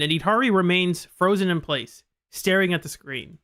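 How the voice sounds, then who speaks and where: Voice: mid-range voice, a bit bright. Casual game commentator reading dialogue. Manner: casual, halting, reactive. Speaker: gaming commentator.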